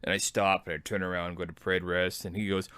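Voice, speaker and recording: Low-voiced man telling a memoir. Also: fast, smooth, dry recording, studio quality. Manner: relaxed, self-deprecating, conversational. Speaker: podcast host, army veteran. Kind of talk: personal memoir storytelling.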